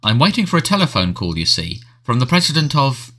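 A man's voice: mid-range voice, sing-song, a little fast, sharp tone, voice pushed up. A man reading aloud, voicing a flustered middle-aged male prime minister who stammers and answers stiffly.

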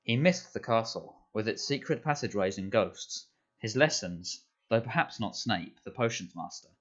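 A man reading an audiobook aloud in a measured storytelling manner. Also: on the low side, expressive. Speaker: audiobook narrator. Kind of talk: scripted narration. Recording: dull lo-fi audio.

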